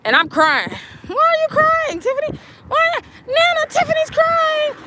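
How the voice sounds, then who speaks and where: A woman voicing her excited little nephew, who is playful, clingy and keeps repeating himself. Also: a little slow, very noisy. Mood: eager, pleading. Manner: high, eager, repeating himself. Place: outdoors on a city street.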